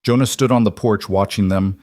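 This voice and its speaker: A man calmly narrating a romance story in an even storytelling manner. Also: lowish voice, brisk, no room sound, studio quality. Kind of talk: scripted narration.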